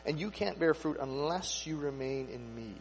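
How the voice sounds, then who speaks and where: A man preaching in a slightly high voice that rings around a hall with a long echo. He talks casually, tosses in rhetorical questions and acts out people's inner thoughts. A faint electrical hum sits under the recording. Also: lively intonation, normal speed, muffled recording. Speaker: pastor. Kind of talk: sermon. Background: faint mains hum.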